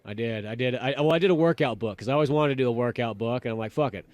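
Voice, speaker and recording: Male podcast co-host, quick and rambling, swears casually, dry close mic. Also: mid-range voice, no echo. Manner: animated, swears casually, rambling with many fillers. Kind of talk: casual chat.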